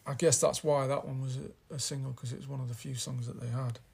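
Gravelly, husky man chatting. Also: mid-range voice, flat delivery, fast, a little mellow. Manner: rambling, hesitant, reads out lyrics. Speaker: podcast host reviewing an album. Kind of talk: casual chat.

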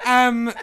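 Chatty podcast host. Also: male voice, extremely high pitch, bright, forceful tone, clear, resonant tone. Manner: chatty, laughs often, reads trivia out. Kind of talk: casual podcast chat.

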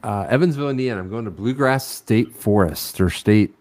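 A man co-hosting a podcast, telling a rambling, excited story in casual chat with some self-mockery. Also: fairly low pitch, brisk, noisy background. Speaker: podcast co-host.

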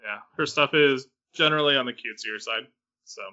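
A man's voice: mid-range voice, a little fast, pushed and bright, muffled recording. A man chatting casually on a call, easygoing and dry, laughing often.

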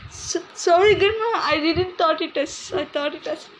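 A woman's voice: very high voice, normal speed, slight background noise, poor audio. A woman playing a whiny grandchild who pleads with his grandmother in a comedy skit. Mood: pleading. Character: whiny scolded grandchild boy. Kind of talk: amateur comedy cooking skit.

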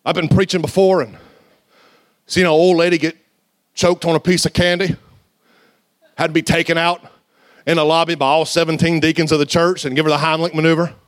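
A male pastor with a voice on the high side gives a sermon in church, conversational and animated. He mixes funny storytelling with abrupt loud bursts and slow, stretched-out emphasis, and there's no echo.

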